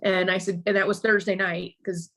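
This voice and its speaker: Middle-aged woman, podcast guest, emotional and halting storytelling full of restarts. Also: mid-range voice, flat delivery, a bit bright. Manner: halting, with frequent restarts and repeated words.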